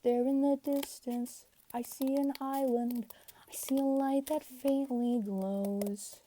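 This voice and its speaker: A woman's voice: a little high, measured pace, dark tone, slight background noise, close to an everyday voice. A woman voicing a cheerful, friendly male sailor in a lighter, sing-song reading.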